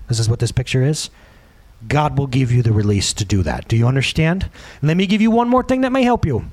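A man in his thirties, a pastor, preaching a conversational sermon and acting out quotes in other voices. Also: a little high. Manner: conversational, animated, acts out quotes.

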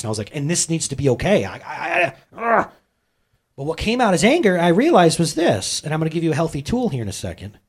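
Male pastor, 30s, husky and slightly high, animated conversational preacher, emphatic with rhetorical questions. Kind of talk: sermon.

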